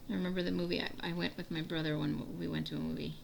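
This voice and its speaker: A woman's voice: flat delivery, rapid-fire, vocal fry, darkish tone, slight background noise. A woman vlogger chatting casually while she crafts, rambling and laughing often. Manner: acts out family quotes in a high voice. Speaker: diamond painting vlogger.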